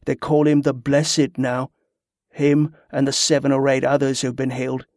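A man voicing a cold-blooded smuggler in an audiobook, flat and bored, with clipped, rough dialect. The sound is dry and close. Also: mid-range voice, moderate pace, no echo, close to an everyday voice.

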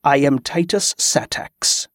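A man voicing a cold, menacing swordsman who speaks slowly, cool and smooth. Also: a little high, a bit bright, no echo, studio quality. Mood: icy calm.

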